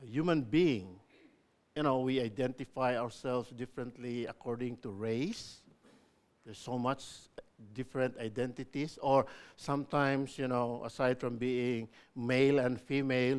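A man preaching a sermon, explaining scripture with emphatic repetition. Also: medium pitch. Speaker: pastor.

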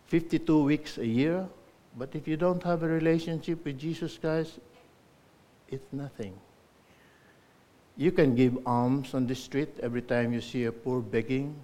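A man's voice: mid-range voice, steady tone, measured pace. Earnest man preaching a sermon. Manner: earnest exhortation with emphatic rises and soft drops.

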